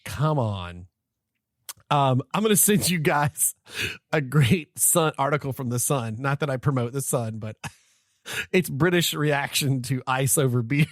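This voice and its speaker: A man's voice: mid-range voice, lively intonation, measured pace, no room sound, clean studio sound. A man co-hosting a casual podcast chat, telling stories animatedly and laughing often. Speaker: podcast co-host.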